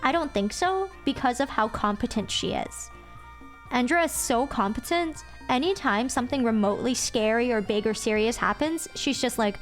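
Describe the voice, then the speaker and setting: A woman's voice: a little high, animated, moderate pace, faint music behind. A woman streamer chatting casually and playfully, swearing freely and acting out her friends' lines.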